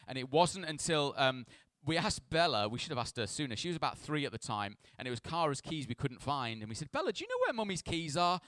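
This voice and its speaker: A man's voice: mid-range voice, fairly quick, hardly any pauses, fairly bright tone, no room sound. A man, a pastor, reads a Bible passage aloud and then preaches in a chatty, self-deprecating storytelling way. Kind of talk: scripture reading and sermon.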